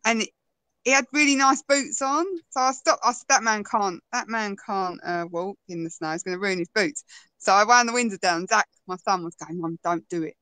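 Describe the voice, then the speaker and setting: A woman tells stories in a relaxed chat, her voice bright and forward. She laughs easily and often. The sound is close and dry, with no room around it. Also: mid-range voice, moderate pace, no echo, low-quality recording. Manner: chatty storyteller, laughs often. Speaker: guest. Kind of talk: casual conversation.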